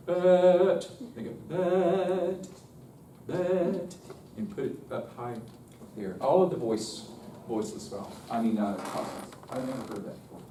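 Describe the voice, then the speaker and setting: Here a man with a mid-range voice leads a live choral workshop, chatting away, cutting himself off, and sometimes singing short demonstrations. There's background noise, and the sound is roomy and distant, as in a live room.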